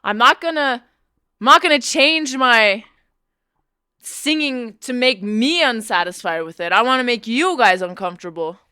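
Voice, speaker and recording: A woman's voice: fairly high pitch, animated, moderate pace, sharp tone, smooth, no echo, clean studio sound. A young woman chatting casually with her live-stream audience, playful and teasing, laughing often. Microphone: Bluetooth headphones.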